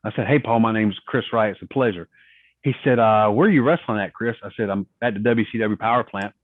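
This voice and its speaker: A man's voice: on the low side, a little fast, no echo. A man, a guest on a podcast, telling long stories in a casual interview and acting out the voices of the people he quotes. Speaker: guest, retired wrestler. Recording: tinny phone-like line, dry.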